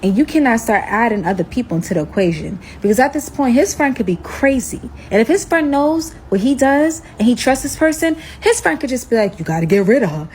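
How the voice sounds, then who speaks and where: A woman's voice: high-pitched, fairly quick, hardly any pauses, slight background noise, rough recording. A young woman casually telling a dramatic personal story, acting out the dialogue as she goes. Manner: animated, dramatic retelling with acted-out dialogue.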